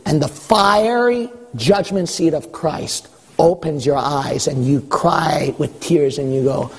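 A man preaching a sermon as pastor, animated, acting out exchanges with God. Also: fairly high pitch, slow pace, breathy edge. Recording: echoey hall with long reverb.

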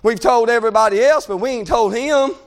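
High-voiced impassioned man preaching. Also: fairly quick. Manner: impassioned, shouting and crying out, conversational asides. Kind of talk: sermon.

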